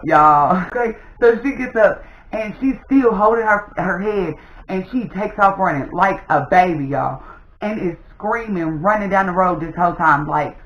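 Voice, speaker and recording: A young adult woman, a mother, casually telling a personal story to her viewers in an animated way. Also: lowish voice, moderate pace, reverberant, muffled recording. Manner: animated, addresses viewers as "y'all". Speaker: storytime vlogger.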